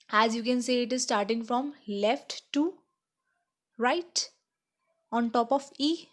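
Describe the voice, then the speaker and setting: A woman teaching a slow beginner French lesson, checking in with "okay?" as she explains each point. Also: fairly high pitch.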